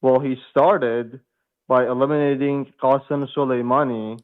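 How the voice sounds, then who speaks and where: A man in his twenties from Iran, calling in to a live stream and talking in a rushed, insistent way. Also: mid-range voice, fairly even intonation. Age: 20s. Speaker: caller. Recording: tinny phone line.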